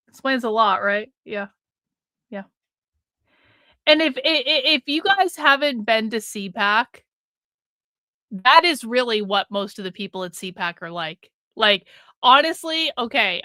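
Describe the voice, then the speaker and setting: A woman's voice: fairly high pitch, pushed and bright, dry recording. A woman co-hosting a livestream, talking bluntly and swearing freely. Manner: blunt, profane. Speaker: show co-host. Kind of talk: casual livestream commentary.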